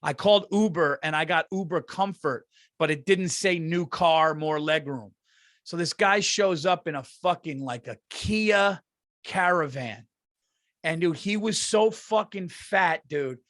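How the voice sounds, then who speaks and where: A man's voice: on the high side, unhurried, fairly bright tone, no echo, clean studio sound. A man, a comedian co-hosting a podcast, telling rambling profane stories in casual chat, saying dude constantly. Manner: rambling, profane, says dude a lot, restarts.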